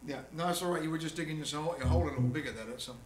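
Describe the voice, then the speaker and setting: A man's voice: on the high side, rapid-fire, echoey room, a little hiss or hum. A man from England with an English accent, chatting casually between songs and mimicking singers in bursts.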